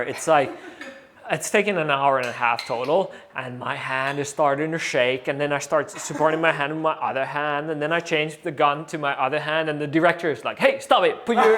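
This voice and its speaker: Male guest, somewhat high voice, animated storyteller who acts out the people in his story. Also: a little hiss or hum. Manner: animated, acts out quoted voices, many fillers. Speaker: interview guest. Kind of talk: casual storytelling.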